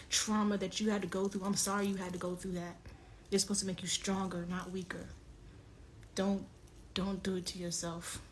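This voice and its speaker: A woman's voice: mid-range voice, slight background noise. A young woman speaking on a phone livestream, earnest and confrontational as she calls someone out and then pleads with them. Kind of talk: emotional livestream monologue.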